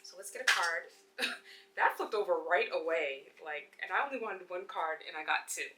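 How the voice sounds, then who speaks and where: A young adult woman hosting a yoga channel, chatting gently and casually to camera as she pulls oracle cards, sometimes getting excited. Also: fairly low pitch, normal speed, rough recording. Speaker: yoga teacher and channel host.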